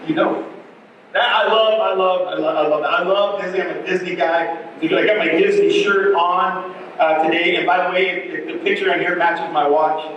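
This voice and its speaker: A middle-aged man preaching a sermon as pastor, animated and storytelling, with frequent restarts. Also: high-pitched, moderate pace, dull audio, a little hiss or hum. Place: church sanctuary. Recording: very echoey church hall, distant mic.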